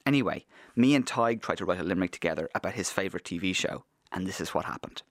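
Lively, jokey male kids' show host. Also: sits low, quick pace. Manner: jokey, animated, reads rhymes aloud. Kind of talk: playful scripted presenting.

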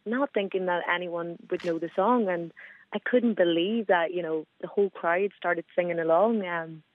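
A woman singer speaking as a radio guest, friendly and pausing with ums. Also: fairly low pitch. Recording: tinny dry phone line.

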